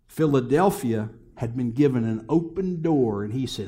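A middle-aged male pastor preaching a sermon, firing rhetorical questions at the congregation and swinging between loud exhortation and soft, hushed passages. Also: mid-range voice, expressive, normal speed, hardly any pauses.

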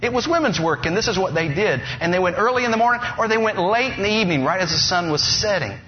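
Animated storytelling preacher, lo-fi. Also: male voice, sits high, fast. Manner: animated storytelling with humorous asides. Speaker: pastor. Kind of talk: sermon. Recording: dull lo-fi sound with faint noise.

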